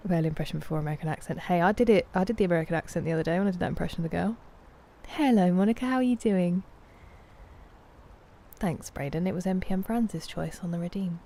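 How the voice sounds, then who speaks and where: A woman's voice: on the low side, quick pace. Chatty British woman streaming a game. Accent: British English. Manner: chatty, thanking viewers, drops into soft whispers. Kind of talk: casual live-stream chat.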